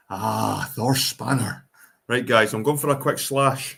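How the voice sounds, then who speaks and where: A man's voice: medium pitch, takes it slowly, creaky, long pauses, fairly bright tone, husky. A Scottish man hosting a livestream, ranting bluntly and swearing a lot in casual chat with viewers. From Scotland. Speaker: livestream host.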